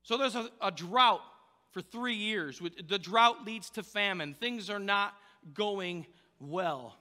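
A man gives a sermon in a bright, fairly high voice, telling the story casually with lots of fillers and restarts. His words ring out with a long reverb, as if from the front of a church hall. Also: takes it slowly. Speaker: pastor.

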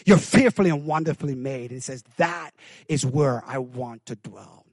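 A man preaching a sermon, with call-outs to the congregation, swinging from hushed lines to loud bursts. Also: mid-range voice, normal speed, husky, no room sound. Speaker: pastor.

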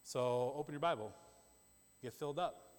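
Emphatic male preacher, echoing church hall. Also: medium pitch. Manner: conversational, emphatic preaching with quick asides. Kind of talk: sermon. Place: church sanctuary. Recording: long church-hall reverb.

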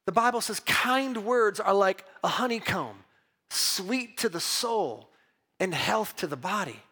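A man preaching a sermon as pastor, emphatic and lively, mixing Bible reading with personal stories told with restarts. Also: high-pitched, unhurried, breathy edge. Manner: repeats words and restarts when telling stories.

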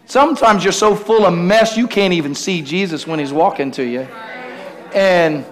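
A male pastor preaching a lively sermon, calling out to the congregation and acting out the voices of the disciples. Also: high-pitched, moderate pace. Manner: preachy, call-and-response, acts out voices of the disciples.

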